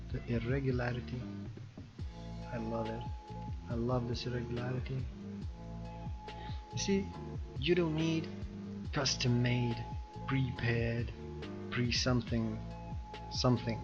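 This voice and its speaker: A man's voice: mid-range voice, level tone, normal speed, pauses often. A man talking casually to himself while he paints on stream, muttering and repeating words. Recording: dull lo-fi audio with music behind.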